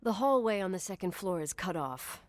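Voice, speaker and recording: A woman's voice: medium pitch, expressive, moderate pace, no echo, close to an everyday voice. An actress playing a guarded young woman who speaks tersely and suspiciously. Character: guarded young woman back at family hotel.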